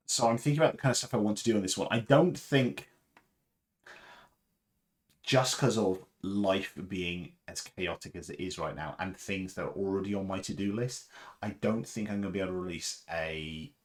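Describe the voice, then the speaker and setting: A man chats casually on his livestream, rambling with plenty of fillers. His voice sits fairly low. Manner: rambling, chatty with fillers and laughs. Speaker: livestream host.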